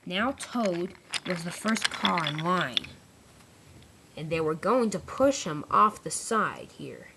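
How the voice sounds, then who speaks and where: A woman's voice: fairly low pitch, expressive, slow pace, noisy background. A woman narrating a homemade toy-train story in a casual way, with small slips and restarts.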